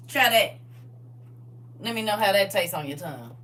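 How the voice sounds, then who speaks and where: Animated woman preaching, bright and distant. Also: medium pitch, brisk. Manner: animated, swings from soft asides to loud bursts, acts out quoted people. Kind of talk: lively sermon to a live congregation. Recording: distant mic with faint hum.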